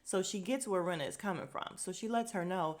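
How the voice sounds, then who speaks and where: Lady podcaster dishing on reality tv, sassy and animated, lowish voice. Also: a little fast. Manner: animated, sassy, acts out quotes. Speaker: podcast host recapping a reality show. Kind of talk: casual recap chat.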